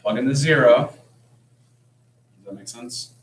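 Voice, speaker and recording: A man with a mid-range voice gives a calculus lesson at a measured pace, talking through problems in a relaxed, joking, conversational style. He is a math teacher, recorded in an echoey classroom by a distant mic.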